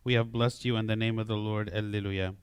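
A man leading a liturgical prayer service, reading psalms and prayers in a steady recitation. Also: lowish voice, a little fast, smooth, dry recording. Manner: steady recitation in a flat monotone. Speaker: prayer leader.

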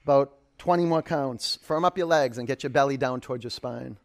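A man's voice: medium pitch, brisk. A man leading a live yoga class, calling out counts and motivating cues, with casual storytelling asides. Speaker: yoga instructor.

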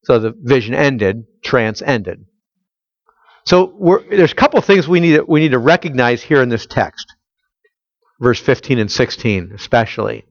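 A man's voice: medium pitch, lively intonation, moderate pace, no echo, dull audio. A man preaching a conversational sermon, emphatic and full of rhetorical questions to his listeners. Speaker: pastor. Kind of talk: expository sermon.

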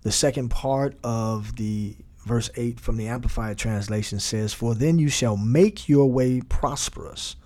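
A man's voice: mid-range voice, unhurried, hardly any pauses, darkish tone. A man teaching a bible study in a conversational way, repeating phrases and building emphasis, with frequent fillers.

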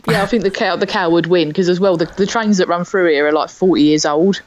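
A woman's voice: lowish voice, fast. Swearing South London woman, lo-fi mic. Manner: swears freely, animated storytelling with voiced quotes. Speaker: podcast co-host. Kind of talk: casual chat. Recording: dull dry lo-fi mic.

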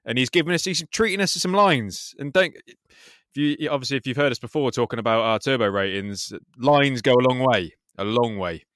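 Man, casual sweary skate video co-host, excitable, dry close sound. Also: mid-range voice, fairly quick, hardly any pauses, dry recording. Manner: excitable, swears freely, says "mate" often. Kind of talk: casual reaction commentary.

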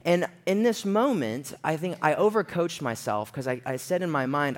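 A man's voice: fairly high pitch, normal speed, hardly any pauses. Man telling a story from the pulpit. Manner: animated storyteller, acts out quotes in a raised voice. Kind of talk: storytelling sermon.

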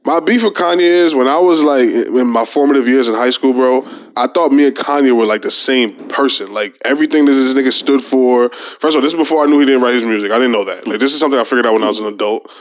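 Fast-talking young man in casual chat. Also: medium pitch. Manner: fast, rambling, laughs often, profane slang. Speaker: podcast co-host.

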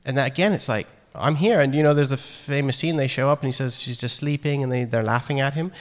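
A man preaching a sermon in a casual, animated way, acting out quoted lines. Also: medium pitch, fast talker. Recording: long hall reverb.

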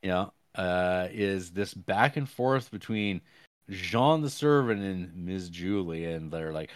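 A man with a fairly low voice, talking close to a dry mic with no room sound. He co-hosts a podcast, recapping a film's plot in a casual, halting ramble full of fillers and crude asides. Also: expressive, no room sound. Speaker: podcast co-host. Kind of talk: casual movie review chat.

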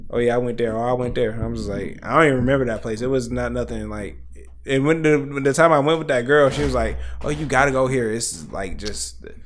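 A man in casual podcast chat, acting out conversations loudly and with flair. His voice sits at an average pitch. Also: quick pace, a little hiss or hum. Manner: loud animated storytelling, acts out quotes. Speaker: podcast co-host.

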